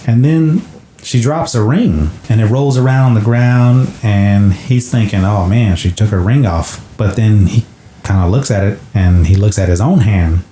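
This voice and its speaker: Guy recapping a film casually, acts out the quotes, warm tone, echoey room w faint hiss. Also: lowish voice, moderate pace. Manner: retells scenes, acting out quotes. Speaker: podcast co-host. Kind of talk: casual movie recap chat.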